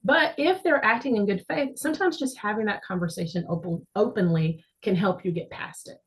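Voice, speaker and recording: A woman's voice: medium pitch, fairly quick, poor audio. A woman who manages people at a large organization, speaking earnestly on a webinar panel, with frequent conversational asides.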